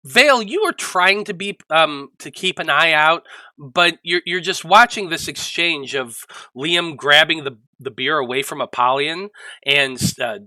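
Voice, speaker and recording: A man narrating as game master of a tabletop role-playing game, halting often with ums and restarts. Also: on the high side, sharp tone, dry recording, poor audio.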